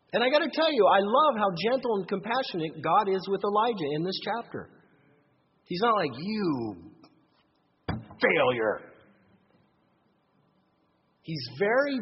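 Husky animated preacher in a reverberant hall. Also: male voice, high voice. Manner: animated preaching, drops to quiet asides. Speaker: pastor. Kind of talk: sermon. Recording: dull lo-fi recording in long-reverb hall.

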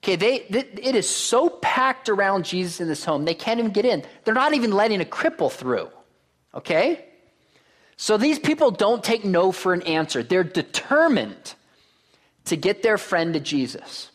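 Speaking at a moderate pace in a high-pitched voice, a pastor delivers a sermon to his congregation. He's animated, reading scripture aloud and questioning the crowd.

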